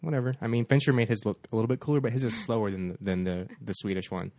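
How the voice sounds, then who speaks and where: A man chatting about movies in a quick, matter-of-fact, informative way. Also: fairly low pitch, steady tone, darkish tone, no echo. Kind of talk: casual movie chat.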